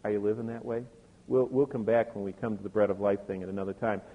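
A man's voice: lowish voice, fairly even intonation, fast talker. An older man preaching a sermon, telling a personal story to his congregation with many asides. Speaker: pastor. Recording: tinny phone-like sound with long hall reverb.

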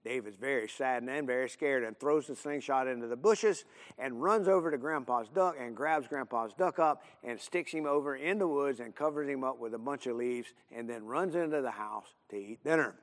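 A man telling a homespun story in an unhurried, folksy way, with plenty of fillers and restarts. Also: medium pitch, big-room sound.

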